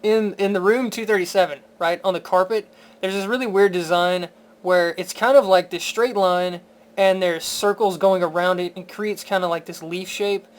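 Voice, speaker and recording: A man's voice: high-pitched, steady tone, moderate pace. Incredulous, profane man ranting about a film. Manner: incredulous, profane, stammering restarts, laughing. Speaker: film reviewer. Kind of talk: casual spoken rant.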